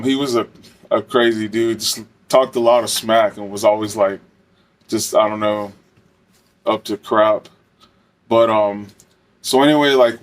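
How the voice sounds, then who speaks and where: A man and former correctional officer telling a casual story, rambling and swearing with lots of fillers. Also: mid-range voice. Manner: rambling, profane, many fillers.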